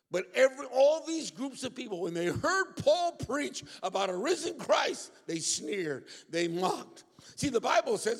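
A man preaching a lively sermon with call-and-response asides to his congregation. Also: high voice, gravelly. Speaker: pastor. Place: church hall. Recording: reverberant hall.

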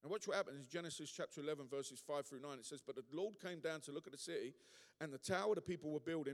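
High-voiced emphatic male preacher in a hall. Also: fast. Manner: emphatic, builds to loud punchy peaks; conversational asides to the congregation. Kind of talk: sermon. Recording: long reverb of a large hall.

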